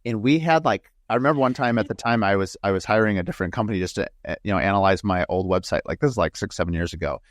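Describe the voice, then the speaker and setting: A man from the northern United States hosting an interview podcast in a low voice. He tells rambling stories full of asides and fillers. The sound is dry and close. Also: rapid-fire, hardly any pauses, no echo. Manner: rambling storyteller, frequent asides. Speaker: podcast host and home builder. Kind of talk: casual interview chat.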